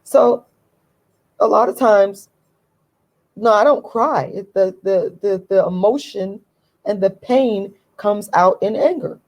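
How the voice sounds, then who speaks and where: A woman's voice: medium pitch, slow, a little mellow, rough recording. A woman hosting her own vlog, talking from a laid-back position in a voice tired from a long day, stressing points by repeating them. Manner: emphatic, repeats phrases for stress. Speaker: channel host. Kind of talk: casual opinion vlog.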